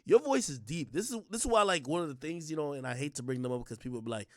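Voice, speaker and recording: Animated, high-voiced man ranting on stream. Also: fast talker, no room sound, clean studio sound. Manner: heated, profane, with heavy filler words and restarts. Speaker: livestream host. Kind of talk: ranting livestream commentary.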